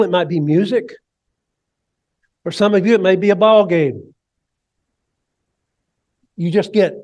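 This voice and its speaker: A man preaching a sermon, swinging from hushed, low lines up to ringing cries, and leading the congregation in repeating phrases. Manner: leads the congregation in call and response. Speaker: pastor.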